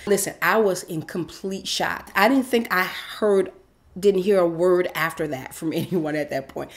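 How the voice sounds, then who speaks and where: A woman host telling a personal faith story in a casual, animated way with many fillers. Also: lowish voice, moderate pace. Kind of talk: personal testimony.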